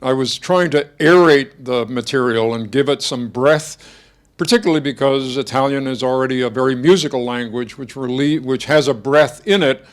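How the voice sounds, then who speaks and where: An older man giving a reflective masterclass talk, thoughtful and halting, with frequent restarts and fillers as he searches for words. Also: mid-range voice. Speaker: guest speaker giving a masterclass. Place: lecture hall before an audience.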